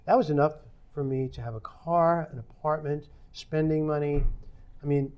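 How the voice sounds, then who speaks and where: A man's voice: fairly high pitch, fairly even intonation, moderate pace, darkish tone, clear, resonant tone. An older man telling a story from his working life in a podcast conversation, acting out the quoted dialogue as he goes. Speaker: podcast guest.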